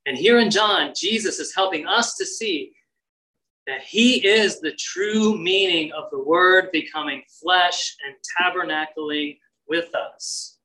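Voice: medium pitch, slow, pushed and bright, low-quality recording. A preacher giving a Bible-teaching sermon in an emphatic way, repeating key phrases for stress.

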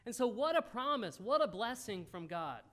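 Male preacher with a high voice, folksy conversational sermon, speaks straight to the congregation. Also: sing-song, normal speed, fairly bright tone.

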